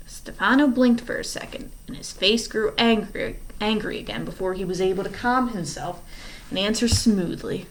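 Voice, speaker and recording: A woman reads a children's novel aloud in a steady storytelling manner. Her voice sits in a middle range. The pace is even and unhurried. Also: medium pitch. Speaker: reader.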